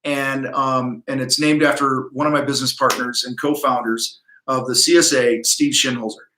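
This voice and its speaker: A man's voice: mid-range voice, little pitch movement, normal speed, pushed and bright, echoey room. A middle-aged man hosting a livestream coaching talk from his office, blunt, profane and pumped-up. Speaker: host. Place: home office.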